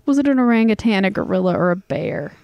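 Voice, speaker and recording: A woman's voice: mid-range voice, lively intonation, fast, vocal fry, highs cut off, slight background noise. A young woman with a Southern US accent co-hosting a podcast, telling a story in a rambling, casual way full of fillers. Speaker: podcast co-host.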